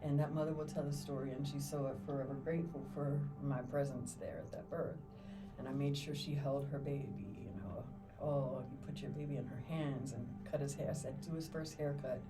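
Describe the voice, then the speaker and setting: Middle-aged lady doula telling stories, low voice, kinda far from the mic w/ music playing. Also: a little fast. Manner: animated storyteller, acts out quotes, laughs often. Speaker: podcast guest, doula. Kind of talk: casual storytelling interview. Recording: distant mic with clear music behind.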